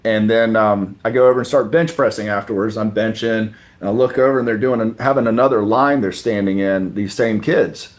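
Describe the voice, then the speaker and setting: Animated man telling a story. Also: fairly low pitch, fairly quick, hardly any pauses. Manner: animated, acts out the voices of people in his stories; relaxed, self-mocking, mild swearing. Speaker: podcast guest, former college thrower. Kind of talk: casual storytelling in conversation.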